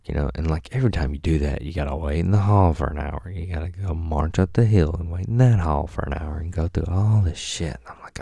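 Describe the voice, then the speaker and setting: A man tells a rambling, profane story in a casual way and acts out the people in it. His voice is very low and gravelly, with a dark, mellow tone. The recording is close and dry. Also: quick pace, few pauses, no echo.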